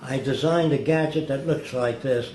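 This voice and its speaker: An older man being interviewed, telling stories slowly and deliberately and acting out what other people said. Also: mid-range voice, a little mellow. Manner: deliberate, slow-paced storyteller who mimics others' words. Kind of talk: anecdotal storytelling. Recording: echoey room with faint background noise.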